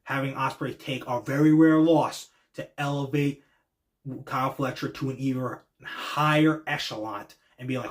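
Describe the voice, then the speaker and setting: A young man giving casual wrestling reaction commentary, excitable and slangy, swearing freely and acting out wrestlers' pleas in a much higher voice. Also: normal speed.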